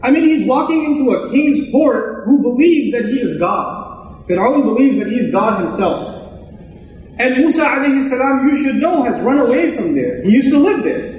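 A man's voice: very high-pitched, sing-song, moderate pace, darkish tone, dull audio, a little hiss or hum. A man preaching a sermon in a conversational way, asking rhetorical questions. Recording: echoey room, mic at a distance.

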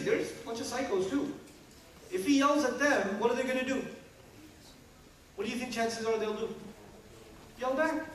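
A man preaching an animated sermon to a live audience, asking many rhetorical questions and speaking straight to his listeners. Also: a little high. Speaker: Islamic preacher. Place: large echoey hall with an audience. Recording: echoey hall, distant mic, faint room noise.

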